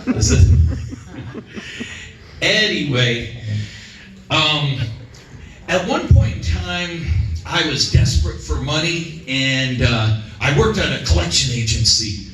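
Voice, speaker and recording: A man's voice: on the high side, expressive, takes it slowly, pauses often, fairly bright tone. A man doing a stand-up set, rambling and self-deprecating with many fillers, on a comedy club stage. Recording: echoey club from far off.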